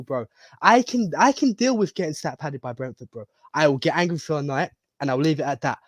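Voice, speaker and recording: A man's voice: high voice, dry recording. A fuming man joins the show as a guest, speaking bluntly in a slightly raised voice. His recording is dry and close, with no room sound. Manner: fuming, blunt, keeps saying "bro". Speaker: co-host fan guest. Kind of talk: angry post-match reaction rant.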